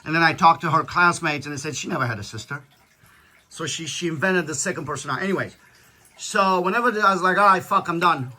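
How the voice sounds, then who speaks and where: A man's voice: on the high side, quick pace, bright, forceful tone. A man talking casually with his daughter, lecturing her in a blunt, profane storytelling manner. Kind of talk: casual chat.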